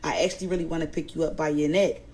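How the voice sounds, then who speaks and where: A woman's voice: deep voice, racing, dark tone, slight background noise, rough recording. A woman with a Philadelphia accent telling a family story in a casual storytime, animatedly quoting others and growing indignant. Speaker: storyteller recounting family drama.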